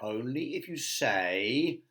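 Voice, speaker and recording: A man's voice: medium pitch, lively intonation, takes it slowly, fairly bright tone. A man voicing a stern, grand old wizard in a stately voice.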